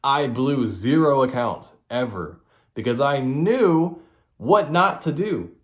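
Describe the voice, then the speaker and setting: A man's voice: mid-range voice, animated, slow pace, echoey room. A man hosting a solo motivational podcast, blunt and profane, hammering his point home by repeating it. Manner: blunt, profane and repetitive for emphasis. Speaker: podcast host.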